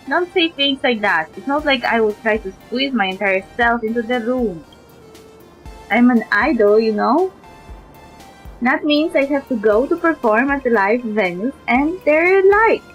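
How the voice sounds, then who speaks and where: A woman streamer, a native Polish speaker, reading game dialogue aloud and switching between character voices. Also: fairly high pitch. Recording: dull lo-fi mic with music behind.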